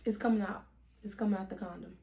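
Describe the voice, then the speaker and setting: A young woman telling an animated storytime to her viewers on a headset mic, swearing freely and calling them "y'all". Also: medium pitch, fast talker, vocal fry. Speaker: storytime vlogger. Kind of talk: casual storytime vlog.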